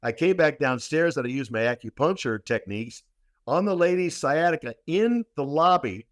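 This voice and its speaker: A man's voice: fairly high pitch, lively intonation, normal speed, no room sound, clean studio sound. A man, a guest practitioner, telling a long story in a podcast interview, emphatic and repetitive with many restarts.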